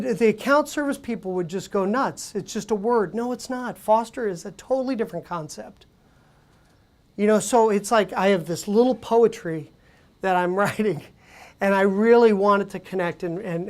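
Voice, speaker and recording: A woman presenting at a conference, speaking conversationally with animated storytelling and frequent fillers. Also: mid-range voice, normal speed. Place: conference venue.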